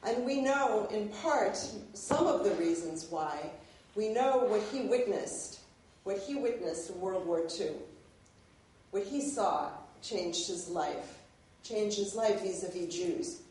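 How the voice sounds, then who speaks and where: A woman giving an academic lecture, animated and given to laughing. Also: medium pitch, slow, a little hiss or hum. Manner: animated, laughs while reading a favorite passage. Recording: echoey hall, mic at a distance.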